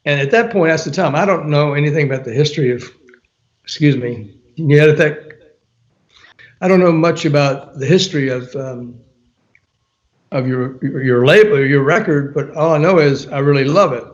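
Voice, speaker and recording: On a lo-fi recording, an older man whose voice is a little high speaks at normal speed, telling a story in an interview; he's an author and former radio promo man. He laughs a lot, leans on fillers, and animatedly acts out dialogue.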